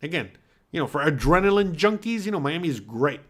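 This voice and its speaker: A slightly high, brisk male voice comes from a US podcast host in his forties who reads chat on a casual livestream. He talks bluntly with lots of cursing and animated filler tags like "all right?"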